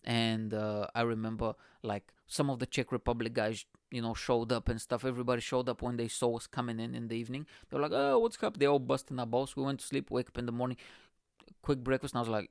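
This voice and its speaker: Bulgarian guy hosting his show, gravelly mid voice, swears a ton, acts out the other people, dry close mic. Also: medium pitch, dry recording. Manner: animated, swears a lot, acts out quoted voices. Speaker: podcast host. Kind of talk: casual storytelling monologue.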